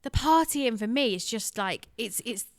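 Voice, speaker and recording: A woman, chatting as a podcast guest, animated and quick to laugh. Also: a little high, no room sound, clean studio sound. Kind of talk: casual chat. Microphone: podcast microphone.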